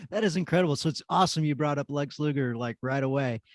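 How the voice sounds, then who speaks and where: A man's voice: on the high side, fast, dry recording, clean studio sound. A man hosting a podcast, chatting eagerly and retelling his own reactions. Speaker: podcast host. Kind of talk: casual interview chat.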